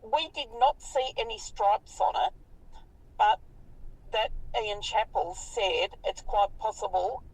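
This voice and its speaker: A woman in her fifties with an Australian accent, telling a story in an animated, colloquial way and swearing freely. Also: medium pitch, slow, distant mic, rough recording. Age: 50s. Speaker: interviewee recounting a sighting. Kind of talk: casual storytelling interview.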